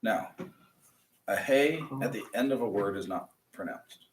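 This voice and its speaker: Patient male teacher, low voice, roomy. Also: animated, a little slow. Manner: patient, explains step by step. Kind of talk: classroom lesson. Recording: roomy, from a distance, faint noise.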